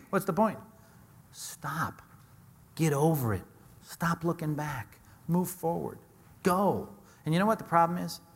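A man's voice: a little high, in a large hall. A man preaching a sermon in an easy, conversational way, acting out quoted voices with plain humor. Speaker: pastor.

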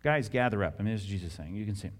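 A middle-aged man preaching a sermon in an animated, conversational way, with jokes and asides and acted-out scripture dialogue. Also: lowish voice, very fast. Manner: acts out scripture dialogue in varied voices. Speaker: pastor.

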